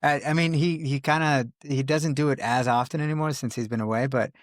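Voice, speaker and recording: A man's voice: medium pitch, steady tone, brisk, dry recording, clean studio sound. A young man hosting a podcast in a casual chat, laid-back and chatty, laughing often. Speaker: podcast host.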